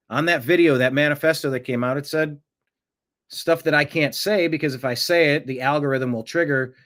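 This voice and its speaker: A man's voice: mid-range voice, a bit bright. A man hosting a political livestream, reacting to clips with a combative, sarcastic manner. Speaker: political commentary host.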